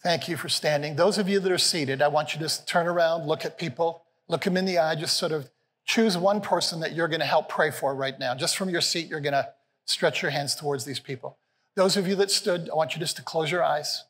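A man, the senior pastor, preaching a lively sermon to his congregation and acting out the quotes with playful energy. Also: brisk, long reverb tail. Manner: animated, playful, acts out quotes with rising pitch. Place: large church hall with a live congregation.

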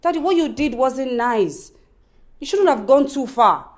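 A woman's voice: high voice, lively intonation, unhurried. An actress playing a loving young wife with a Nigerian accent, caught between her father and husband, who pleads tenderly. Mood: pleading. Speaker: wife and daughter. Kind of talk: film drama acting.

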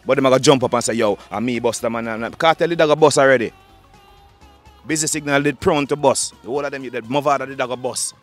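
A man with a Jamaican accent, a dancehall artist talking in an interview, fast and repetitive, often restarting his sentences. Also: mid-range voice, fairly even intonation, soft background music. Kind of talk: interview, casual talk.

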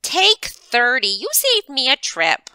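A woman voicing a kindly elderly neighbor who walks with a cane, in a slow, higher old-lady voice for a storybook reading. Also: huge pitch swings, sharp tone, clean tone, no echo, full character voice. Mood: doting.

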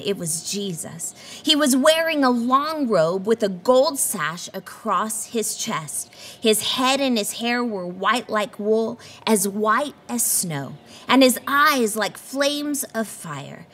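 Woman pastor preaching, earnest and steady. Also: fairly high pitch, slow, few pauses, a little hiss or hum. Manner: earnest, reads scripture aloud, warm pastoral address. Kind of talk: sermon. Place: church.

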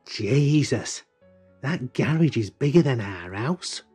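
A man's voice: medium pitch, lively intonation, slow, mellow, breathy edge, soft background music, exaggerated voice. A man voicing a nervous, cheeky working-class lad, brash then flustered.

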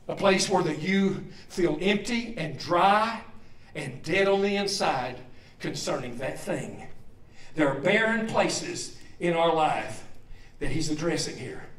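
A man preaching a sermon in a church, moving from low steady talk to loud joyful shouts. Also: reverberant, recorded from a distance. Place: church hall.

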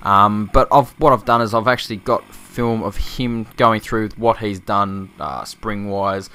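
A man's voice: fairly low pitch, unhurried, pushed and bright, clear, resonant tone. An Australian man chatting casually in a rambling, laughing vlog while riding a motorbike, recorded on a chest-mounted camera. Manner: rambling, laughing, swearing freely. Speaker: motovlogger. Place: outdoors on a motorbike.

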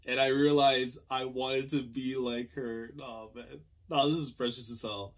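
A man hosting a manga reaction video who reads the characters' dialogue aloud in a subdued voice. Between the lines he bursts out loudly and excitedly at what he reads, then drops back to quiet reading. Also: medium pitch, unhurried. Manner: excitable, swings from quiet reading to loud outbursts.

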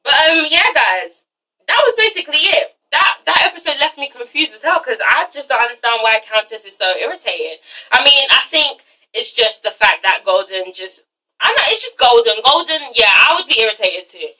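High bright sassy woman vlogger. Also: distant mic, rough recording. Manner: sassy, animated, swears freely, acts out the cast members in quick voices. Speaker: vlogger reviewing a TV show. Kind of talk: casual reality-TV recap.

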